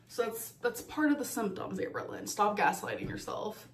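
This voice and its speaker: Brief: chatty woman vlogger around thirty, mid-pitched, talking to camera, steady noise behind her. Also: moderate pace. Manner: chatty, upbeat, talks to camera. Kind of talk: casual vlog narration. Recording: clip with steady background noise.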